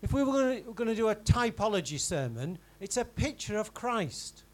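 A man preaching a sermon in a church, in a conversational style that swings from emphatic to quiet and intimate. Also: sits high, big pitch swings, normal speed, rough recording. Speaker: pastor.

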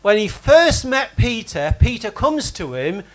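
Male preacher, conversational sermon, bright high register with very animated pitch. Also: measured pace. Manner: conversational, quizzes congregation by name. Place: church hall with congregation.

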